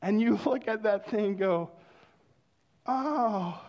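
A male pastor preaching a sermon in a conversational storytelling way, dropping to hushed exclamations of wonder. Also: high voice, normal speed, muffled recording.

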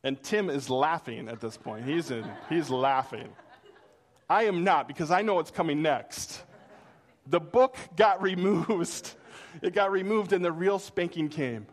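A middle-aged man preaching a sermon, telling a childhood story with animated delivery and acting out the voices in it. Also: a little high, measured pace. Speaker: pastor.

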